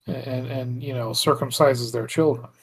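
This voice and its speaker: A podcast co-host in casual chat, chiming in with short, wry, deadpan quips. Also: mid-range voice, moderate pace, slightly rough.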